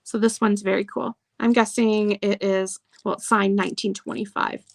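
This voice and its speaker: With a level tone, moderate pace, mid-range voice, and vocal fry, a woman speaks on a recording without room sound. She hosts a casual live sale of vintage goods online, chatting, lingering on details, and reading aloud the verses on old cards.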